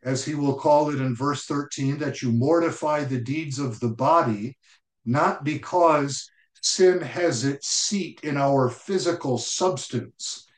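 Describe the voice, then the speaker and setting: A man preaching a sermon, slow and deliberate, repeating key phrases for emphasis. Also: fairly high pitch, reverberant. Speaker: pastor.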